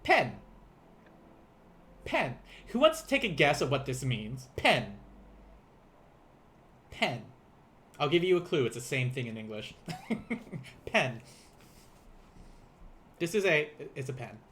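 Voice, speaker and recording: A young man teaching beginner vocabulary in a casual livestream, playful and quick to laugh, repeating each word slowly for learners. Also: medium pitch, very animated, fairly bright tone. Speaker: language teacher.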